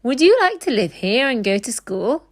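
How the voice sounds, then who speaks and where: A woman voicing a kind, grave elderly gentleman in a storybook read-aloud, speaking gently and earnestly. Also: on the high side, very animated, moderate pace, voice pushed up.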